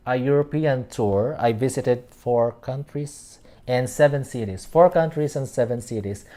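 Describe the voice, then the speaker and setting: A man hosting a relaxed fan commentary, going through posts one by one. He talks at an unhurried, slow pace with a mid-range voice, often pausing to search for a word before carrying on. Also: mid-range voice. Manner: meandering, searching for words aloud. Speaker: host. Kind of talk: casual fan commentary reading tweets.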